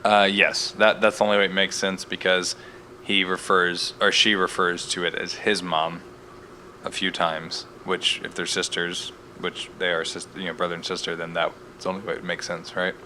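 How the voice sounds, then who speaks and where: Podcast co-host, man, low bright voice, joking recap chat. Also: level tone, moderate pace, slight background noise. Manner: laughs easily, loose and swearing.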